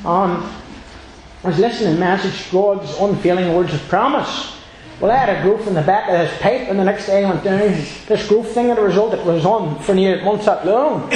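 A man's voice: sits high, darkish tone, slight background noise. A man giving an earnest, rambling personal testimony at a church meeting, circling back to the same phrases. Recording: very echoey room.

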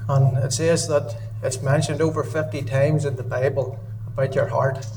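A man's voice: medium pitch, level tone, moderate pace, far from the mic, noisy background. A man giving an earnest, emotional sermon in a church service, often repeating his phrases. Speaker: lay preacher.

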